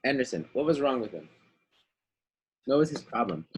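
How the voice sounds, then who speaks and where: A man's voice: medium pitch, sing-song, normal speed, slight background noise, rough recording. A man teaching a Bible lesson over a video call, retelling the story casually in everyday slang. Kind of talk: online Bible class lesson.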